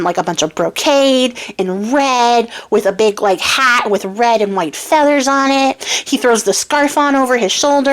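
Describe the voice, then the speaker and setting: A young woman casually retelling a fairy tale in a chatty, slangy way, laughing often. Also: fairly high pitch. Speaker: YouTube storyteller.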